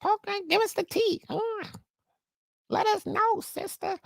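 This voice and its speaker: A prying, teasing girlfriend who pushes for the juicy details in a high, squealing pitch , put on by a man. The voice keeps a gravelly undertone. The sound is dry and close, with no room in it. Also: measured pace, no room sound, exaggerated voice. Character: sassy gossiping female friend.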